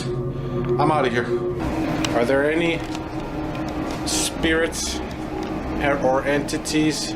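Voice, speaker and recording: A man's voice: on the high side, steady tone, slow pace, pauses often, over loud music, rough recording. A man investigating a place for spirits as he explores it, gasping and exclaiming in alarm. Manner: jumpy, gasping, repeated exclamations. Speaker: paranormal investigator. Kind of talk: live exploration commentary.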